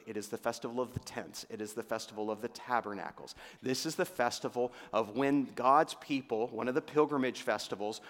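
A man preaching a sermon, his delivery swelling to fervent emphasis and then dropping to hushed, near-whispered lines. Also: medium pitch. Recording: long reverb of a large hall.

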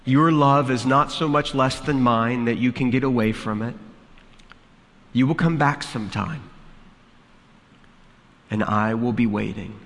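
A man voicing a heartbroken husband who is devoted to his wife, speaking slowly and earnestly in a sermon. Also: medium pitch, fairly bright tone, long reverb tail.

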